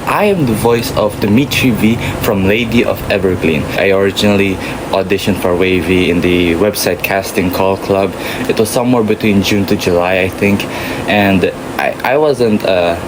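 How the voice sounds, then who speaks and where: A man, a voice actor, chatting casually and excitedly about his role. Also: sits low, normal speed, background noise. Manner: excitable, enthusiastic, with fillers. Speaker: voice actor guest. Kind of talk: casual interview.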